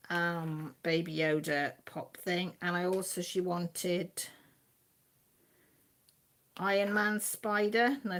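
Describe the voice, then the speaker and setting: A middle-aged woman with a homely Radnorshire Welsh twang, chatting away on her livestream. She rambles cheerfully from one thing to the next, pokes fun at herself and lets the odd swear word slip. Her voice sits at an ordinary pitch for a woman. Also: fairly bright tone. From Wales, Radnorshire. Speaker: livestream host. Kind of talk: casual chat reading out live comments.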